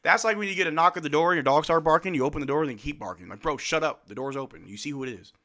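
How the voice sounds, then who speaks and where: A man hosting a live game watch-along, calling the plays in casual slang and shouting at the players. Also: fairly high pitch, rapid-fire. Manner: animated, slangy, yells at players. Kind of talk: excited play-by-play fan commentary.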